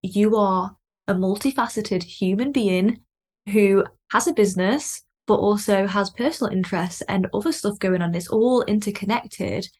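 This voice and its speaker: A woman's voice: mid-range voice, normal speed, a little mellow, breathy edge. A woman hosting a casual podcast chat, agreeing and conversational in manner. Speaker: podcast host.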